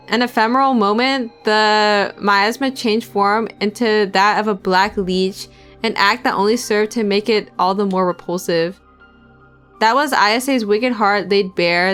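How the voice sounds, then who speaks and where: Brief: young female streamer, mid-pitch, even narration with giggly asides, faint music beneath. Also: clean tone. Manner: reads narration evenly, breaks into giggly casual asides. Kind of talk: reading a visual novel aloud on stream.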